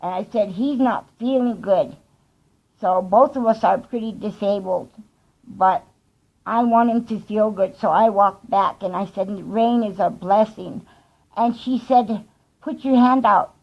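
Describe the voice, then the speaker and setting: A woman telling a personal story in a heartfelt vlog, slow and earnest, with soft laughs between thoughts. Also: mid-range voice, dull audio. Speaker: vlogger.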